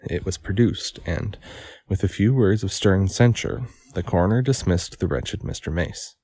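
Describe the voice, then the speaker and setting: A man's voice: sits low, warm tone, breathy edge, no echo. A man reading a mystery novel aloud, stopping to correct himself and chat about the text. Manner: pauses to correct and comment on his reading. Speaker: audiobook reader. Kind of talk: casual read-aloud with commentary.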